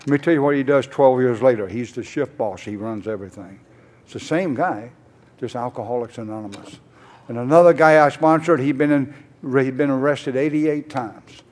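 A man's voice: mid-range voice, moderate pace, a little mellow. An older man tells his own recovery story from a conference stage. His talk is folksy and wandering, thick with "uh"s. He slips into the voices of the people he talks about. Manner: rambling, folksy, many "uh"s, acts out both sides of conversations. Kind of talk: personal testimony storytelling. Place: conference hall.

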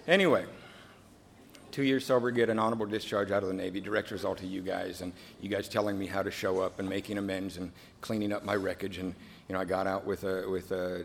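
Speaking low-pitched, a man recounts his recovery journey to a meeting, with a little background noise audible. He brings the story alive by voicing the other characters, and his tone softens into earnest quiet during reflective moments.

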